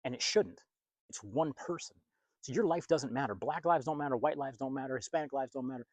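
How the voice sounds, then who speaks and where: A man from the United States preaching in a fast, blunt, confrontational monologue. His voice is husky and sits somewhat high. It is recorded close and dry, with almost no room sound. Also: a little mellow, no room sound. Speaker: pastor and video host.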